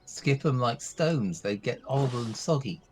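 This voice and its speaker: A man's voice: medium pitch, moderate pace, slight background noise, rough recording. A man on a voice call, joking casually and poking fun at himself. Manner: jokey, lively and self-mocking. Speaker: guest on a voice call.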